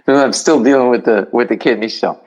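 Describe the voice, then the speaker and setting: A man, a comedian guest, telling a story in animated fashion and often jumping into high voices for the people in it. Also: quick pace, lo-fi sound, a little hiss or hum. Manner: excitable, jumps into high put-on voices for people in stories.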